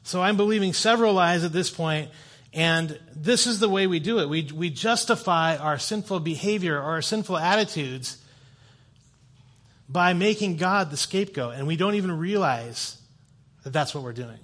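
A man's voice: sits high, moderate pace, a bit bright. A man preaching a sermon to a church congregation, in a conversational, storytelling way with self-deprecating humor. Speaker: guest preacher. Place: church sanctuary.

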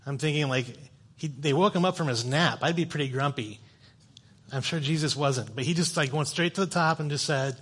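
A man's voice: a little high, normal speed, a bit bright, husky. A man preaching a sermon to a church congregation, in a conversational, storytelling way with self-deprecating humor. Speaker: guest preacher. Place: church sanctuary.

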